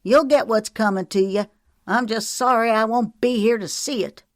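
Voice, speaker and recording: A woman voicing a sly, menacing male thief in an audiobook, speaking slowly with a sneer. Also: low voice, gravelly, no echo, studio quality, heavily acted. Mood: snarling. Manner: slow, sneering delivery.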